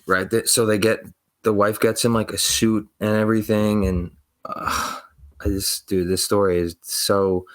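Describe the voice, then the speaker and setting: A man's voice: lowish voice, little pitch movement, a little slow. A young man on a casual podcast, telling a long rambling story full of swearing and acted-out quotes. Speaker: podcast co-host.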